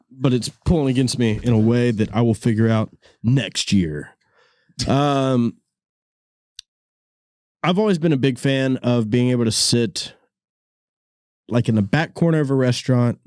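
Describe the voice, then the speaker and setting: A young man hosting a podcast, telling stories in a casual, animated way with lots of laughter and sudden high-pitched bits. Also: no echo, clean studio sound. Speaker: podcast host. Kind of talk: casual storytelling chat.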